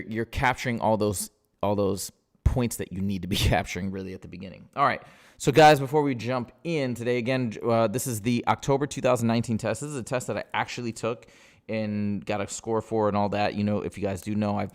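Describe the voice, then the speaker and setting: A man, tutoring math as he works through a timed test, casual and upbeat, thinking aloud. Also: fairly low pitch. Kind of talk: live-streamed test walkthrough.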